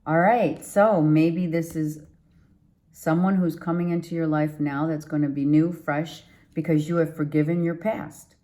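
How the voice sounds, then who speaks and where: A woman's voice: low-pitched, steady tone, unhurried, mellow. A woman giving a casual, rambling tarot reading to her viewers. She repeats herself and keeps an upbeat, encouraging tone. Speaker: tarot reader.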